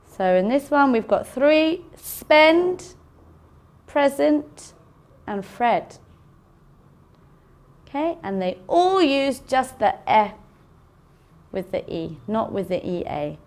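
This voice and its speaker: A woman teaching an English phonics lesson, sounding out words slowly and carefully for learners. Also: sits high, big pitch swings, darkish tone. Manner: slow, careful enunciation of sounds.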